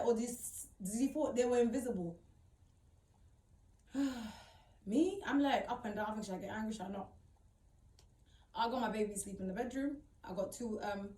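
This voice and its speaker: A young woman recounts a personal story in a blunt, slangy way, swearing freely and hammering points through repetition. Her voice sits a bit high. She sounds set back from the mic in an echoey room. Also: a little mellow, recorded from a distance. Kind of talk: casual storytime monologue.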